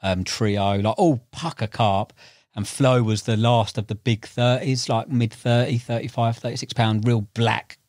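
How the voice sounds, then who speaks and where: A young man, a carp angler appearing as a podcast guest, swaps fishing stories in relaxed chat peppered with slang, fillers and acted-out quotes. His voice is medium-pitched and a little slow, animated in delivery, recorded dry with a clean studio sound.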